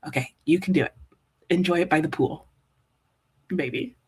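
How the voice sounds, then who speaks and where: A woman's voice: lowish voice, moderate pace, slightly rough. A woman hosting a live reading stream, chatting casually and reading out viewers' comments with frequent "ooh"s and "uh"s. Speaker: livestream host reading chat.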